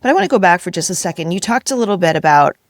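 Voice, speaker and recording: A woman hosting a podcast, asking quick, upbeat questions of her guest. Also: lowish voice, expressive, no echo, studio quality. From New York. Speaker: podcast host. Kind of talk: casual interview.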